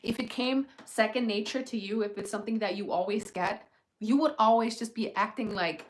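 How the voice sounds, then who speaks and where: A woman's voice: medium pitch, moderate pace, a little hiss or hum, low-quality recording. A young woman hosting a casual livestream, talking through advice with many fillers and asides to her viewers. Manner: chatty, filler-heavy, frank advice. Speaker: livestream host.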